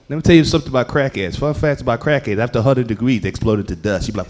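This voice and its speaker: A stand-up comedian from Houston, Texas, telling animated stories on a comedy club stage and acting out the people in them. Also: male voice, mid-range voice, rapid-fire, hardly any pauses, raised voice. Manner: animated storytelling with acted-out voices.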